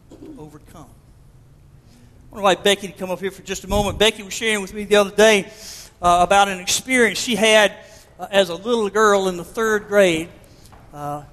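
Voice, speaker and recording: A pastor with a high voice preaches to his congregation, plain and direct as he addresses the people in front of him. The sound is a church sanctuary with a long hall reverb. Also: a bit bright. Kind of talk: sermon.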